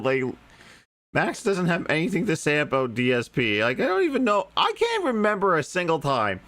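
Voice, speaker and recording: A man's voice: on the high side, huge pitch swings, normal speed, a bit bright, dry recording. A man hosting a reaction video, making wry and indignant asides. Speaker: reaction host. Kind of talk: casual reaction commentary.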